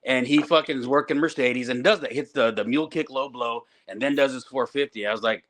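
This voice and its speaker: A man's voice: medium pitch, fast, hardly any pauses. A middle-aged man, a veteran wrestler and promoter, ranting with heavy swearing in a casual podcast chat. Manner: profane, ranting, animated.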